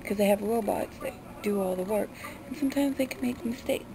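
A woman's voice: medium pitch, a little fast, gravelly, a crowd in the background. A young woman vlogger talking bluntly and defensively, swearing freely in a casual rant. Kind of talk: casual ranting vlog.

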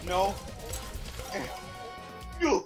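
A woman hosting a gaming video, giving casual, excitable commentary while she plays, laughing and exclaiming. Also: extremely slow. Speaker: gaming channel host. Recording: game music playing behind.

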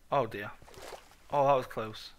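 A man with an excitable, sweary, self-mocking manner, giving let's play commentary on his own game. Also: medium pitch, a little hiss or hum. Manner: excitable, swears a lot, laughs at himself. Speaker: gaming channel host.

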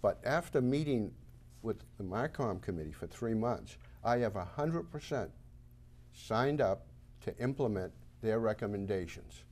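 A man's voice: lowish voice, expressive, unhurried, a little mellow. A man with a Boston accent, a town moderator candidate on a local talk show, laying out his points emphatically and with confidence. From Massachusetts. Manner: emphatic, list-making, self-assured.

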